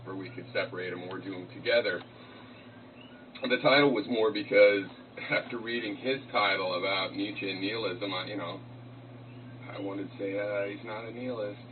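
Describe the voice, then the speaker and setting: Low-voiced man on a distant, noisy clip. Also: steady tone, normal speed, phone-quality sound. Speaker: debate opponent in a played clip.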